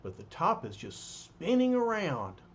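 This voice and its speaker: A man reading a comic book aloud in an animated, chatty way with little asides. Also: a little high, a little slow, lo-fi sound, slight background noise. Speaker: storyteller.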